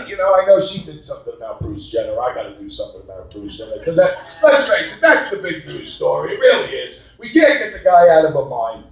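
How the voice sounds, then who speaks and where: A man over fifty doing a stand-up comedy set in a club, brash and crude, shouting his punchlines. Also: fairly high pitch, sing-song, a little fast, gravelly, far from the mic. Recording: echoey club recorded from afar.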